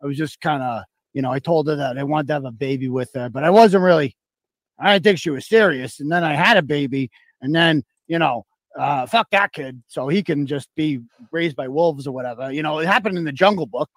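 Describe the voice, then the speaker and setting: A man's voice: a little high, a little fast, no echo. A man putting on a sleazy, scheming husband, leaving a rambling, sheepish confession on a voicemail. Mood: smarmy.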